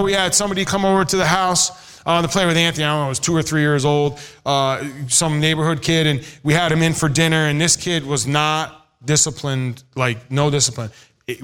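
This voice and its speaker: A man's voice: a little high, a bit bright, clear, resonant tone. A middle-aged male pastor preaching a sermon in a conversational way, acting out quoted voices. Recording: hall reverb.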